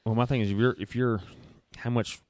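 A man's voice: mid-range voice, fairly even intonation, fairly quick, a little mellow, no echo. A man co-hosting a casual podcast chat, opinionated and rambling, restarting his sentences often. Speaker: podcast co-host.

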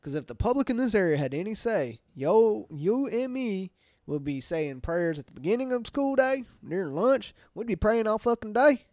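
A man with a Southern country accent chats casually as a podcast co-host, swearing freely and turning sarcastic. His voice sits fairly high for a man. The recording is close and dry. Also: normal speed, hardly any pauses, no room sound. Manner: profane, animated, sarcastic. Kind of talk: casual chat.

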